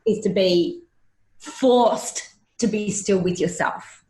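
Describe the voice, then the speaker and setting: A woman's voice: medium pitch, slow, dark tone. A woman in her forties, a hypnotherapist guest, telling a personal story in a blunt, emotional way and swearing freely. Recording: roomy echo.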